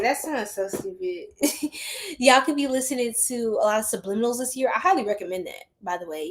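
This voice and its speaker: A woman giving a casual psychic tarot reading to her viewers, chatty and full of slang, often laughing. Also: fairly high pitch.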